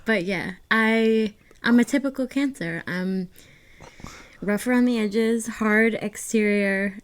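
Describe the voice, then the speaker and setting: A woman's voice: fairly high pitch, takes it slowly. Candid, laughing woman guest. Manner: many fillers and restarts while thinking. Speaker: podcast guest. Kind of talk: casual podcast chat.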